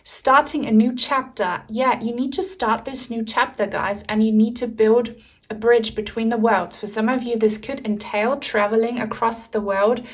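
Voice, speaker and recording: A woman's voice: a little high, fairly even intonation, normal speed, husky. Chatty, enthusiastic young woman tarot reader. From Germany. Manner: enthusiastic, chatty, addresses viewers as guys. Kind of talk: casual pick-a-card tarot reading.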